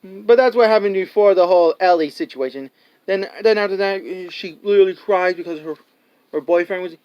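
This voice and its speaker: A man's voice: sits high, a little fast, clear, resonant tone, dull audio. A man reviewing a movie in a casual, rambling way, with many fillers and restarts, laughing and acting out scenes. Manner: laughs often and acts out scenes.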